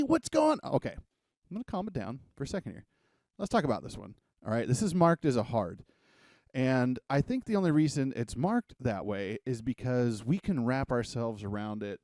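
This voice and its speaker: Here a man's medium-pitched, dark voice comes through a dry, clean studio recording. He's a coding tutor joking his way through a casual whiteboard lesson, slightly winded and wandering off into jabs at himself.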